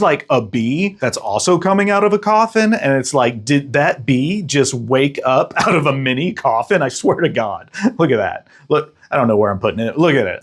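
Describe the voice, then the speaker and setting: A man hosting a casual, joking movie recap, full of slang and quick acted-out voices. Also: medium pitch. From Texas. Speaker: podcast host and film reviewer.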